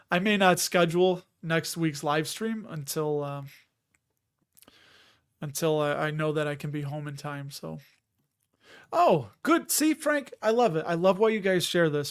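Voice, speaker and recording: Middle-aged guy rambling on a livestream, laughs a lot, trips over words, slightly high voice. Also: clear, resonant tone. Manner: chatty, laughs often, restarts words. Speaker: livestream host. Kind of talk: casual livestream chat reading viewer comments.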